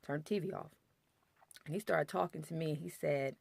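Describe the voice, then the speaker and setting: A woman talks straight to her viewers about relationships, blunt and sassy with plenty of slang. Her voice sits fairly low and sounds dry and close, with no room echo. She keeps the delivery emphatic and conversational throughout. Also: normal speed, gravelly, darkish tone, husky. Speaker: vlogger giving relationship advice. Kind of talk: casual advice monologue.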